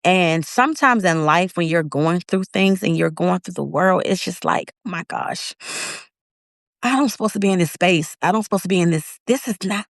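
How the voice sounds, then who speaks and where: A woman's voice: moderate pace, no room sound, clean studio sound. A woman in her thirties telling a personal story in a casual interview, acting out her own quoted words. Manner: animated, acts out her own quotes with big pitch jumps. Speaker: interview guest.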